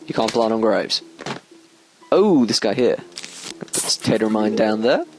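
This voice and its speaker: A man giving casual let's play commentary, explaining as he plays, with sudden squeaky excited outbursts. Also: measured pace, low-quality recording. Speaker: gameplay commentator. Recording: game music playing behind. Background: game music.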